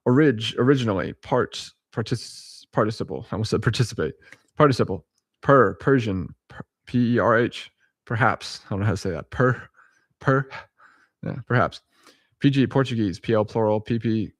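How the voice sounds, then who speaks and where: A young man reading dictionary abbreviations aloud at home in a halting, chuckling way, often correcting himself. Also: fairly low pitch, no room sound. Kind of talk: casual solo reading and chat.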